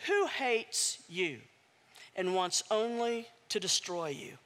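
A woman's voice: medium pitch, lively intonation, slow pace, fairly bright tone, big-room sound. A woman preacher telling a story as a sermon, with a dramatic, swooping delivery and wry asides.

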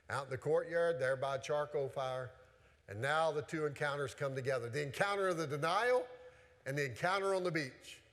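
A man's voice: medium pitch, a bit bright. A man preaching a sermon as a pastor, earnest, with many rhetorical questions and repeated restarts. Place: church sanctuary. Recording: church hall with long reverb.

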